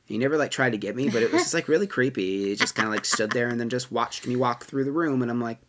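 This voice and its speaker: A man co-hosting a casual review podcast, talking in a rambling, filler-heavy, animated way. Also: medium pitch, fast, noisy background. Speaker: podcast co-host reviewing haunted attractions. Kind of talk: casual chat.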